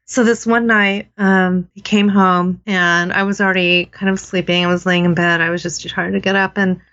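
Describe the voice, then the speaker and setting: A woman's voice: fairly low pitch, little pitch movement, normal speed, fairly bright tone, highs cut off. A woman guest telling a story in a rambling way, often restarting her sentences, over a Skype call. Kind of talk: casual storytelling.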